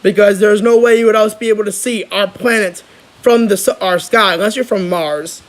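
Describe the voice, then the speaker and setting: A young man chatting casually on his channel, rambling and excitable, with lots of restarts. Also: high-pitched, normal speed, low-quality recording. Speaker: vlogger. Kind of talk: casual chat.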